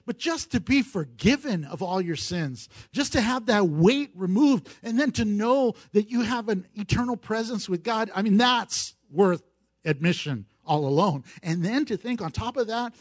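A man's voice: high-pitched, dry recording. A man preaching a sermon as pastor at a church service, building emphasis with repeated phrases and dropping in playful asides.

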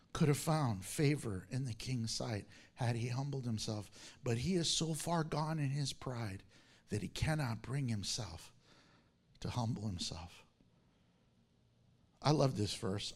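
A man preaching a sermon, telling the story in an animated way, acting out its characters, and laughing often. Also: mid-range voice.

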